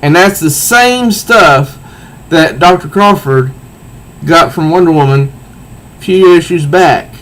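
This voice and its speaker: Slow, halting man reviewing a comic. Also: on the high side, a bit bright, rough recording. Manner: halting, repeats words while recounting panels. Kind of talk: casual comic book review.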